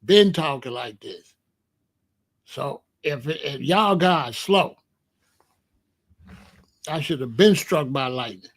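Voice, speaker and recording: A man in his sixties with a rather high voice talks straight into his stream. He is blunt and emphatic, and he often says the same line twice or three times to drive it home. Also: animated, slow, long pauses. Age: 60s. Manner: blunt, emphatic, repeats himself. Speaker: host. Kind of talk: casual livestream talk answering chat.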